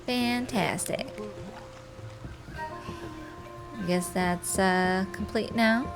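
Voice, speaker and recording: Relaxed woman streamer thinking aloud. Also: medium pitch, very slow, music in the background. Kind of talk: casual gameplay commentary.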